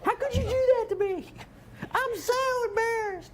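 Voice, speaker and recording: A man voicing a shrill, embarrassed woman who is upset with her date. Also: normal speed, a little hiss or hum. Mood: outraged. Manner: high squealing outrage.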